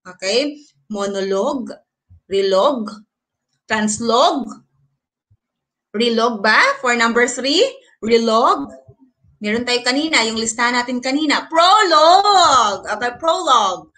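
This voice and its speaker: A woman's voice: fairly high pitch, measured pace, long pauses, fairly bright tone, low-quality recording. A woman with a Filipino accent teaching an online lesson, mixing English and Tagalog and checking in with frequent questions to her learners. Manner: encouraging, checks in with frequent "okay?".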